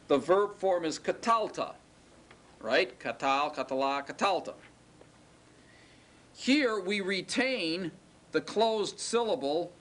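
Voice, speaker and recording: A middle-aged Hebrew teacher gives a classroom lecture in a fairly high, fairly bright voice. He explains patiently, step by step, and checks that his students are following.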